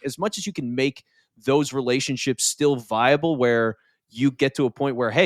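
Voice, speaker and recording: Male podcast guest, energetic and conversational, mid-pitched, dry studio sound. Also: dry recording. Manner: energetic, conversational, repeats words as he starts phrases. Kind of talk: casual conversational interview.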